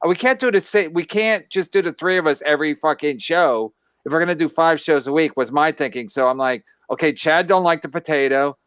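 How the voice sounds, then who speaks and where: A podcast host in casual chat, ranting with many restarts and profanity. His voice sits fairly high. The sound is dry and close. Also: fairly quick, fairly bright tone, clear, resonant tone, no room sound.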